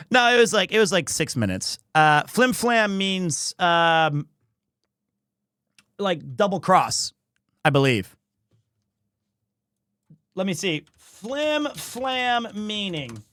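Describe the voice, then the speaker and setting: Lively high-voiced male streamer telling a story. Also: slow pace, pauses often, no room sound, clean studio sound. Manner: exasperated, lively retelling. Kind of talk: animated storytelling chat.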